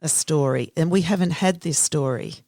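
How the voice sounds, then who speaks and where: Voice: medium pitch, moderate pace, creaky, a little mellow, dry recording. A podcast host talking thoughtfully in an interview conversation.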